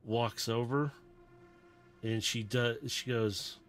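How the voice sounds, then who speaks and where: A man's voice: medium pitch, steady tone, takes it slowly, slight background noise. A man narrating a tabletop role-playing game as game master, in a casual, loose way. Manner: casual, loose, with many "kinda".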